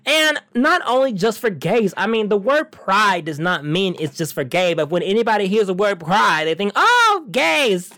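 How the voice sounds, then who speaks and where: A flamboyant man chatting on his podcast, all sass and attitude, calling everyone honey. His voice swoops up and down with lively pitch, and the sound is close and dry with no room echo. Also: normal speed, few pauses. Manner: sassy, flamboyant, calls listeners honey; animated, laughs between stories. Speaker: podcast host. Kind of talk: casual monologue chat.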